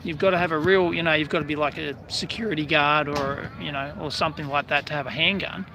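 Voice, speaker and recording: A man's voice: on the high side, fairly even intonation, quick pace, sharp tone, slight background noise. An Australian man hosting a casual outdoor live stream, chatting and greeting viewers by name in a rambling way. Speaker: livestream host.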